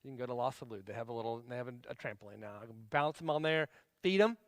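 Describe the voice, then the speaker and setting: A man's voice: mid-range voice, racing, no room sound, studio quality. A man in his forties teaching a marriage class in a casual, conversational way, acting out everyday scenes. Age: 40s.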